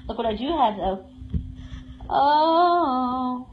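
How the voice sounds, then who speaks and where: A woman's voice: high-pitched, lively intonation, drawn-out words, highs cut off, a little hiss or hum. A woman giving a live tour of a cat shelter, cooing and baby-talking to the cats as she goes. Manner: coos and baby-talks to cats.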